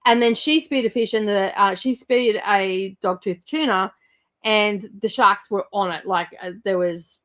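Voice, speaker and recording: A woman hosts a relaxed livestream, chatting about whatever comes to mind. She rambles and fills pauses with "um" and "you know", in a voice of ordinary middle pitch. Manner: chatty, rambling, with frequent fillers. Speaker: livestream host. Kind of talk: casual chat while reading viewer comments.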